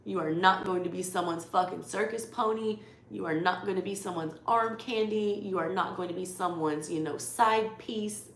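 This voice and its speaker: With hardly any pauses, this tarot reader keeps a moderate pace in a medium-pitched voice. She has a Southern US accent and gives a live, blunt, casual reading, swearing freely, in an echoey room with faint background noise.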